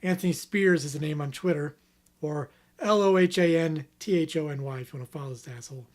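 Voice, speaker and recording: Reading fan questions for a comedic podcast, a man speaks easygoingly with lots of fillers. His voice is on the high side and a little mellow, moving at a fairly quick clip.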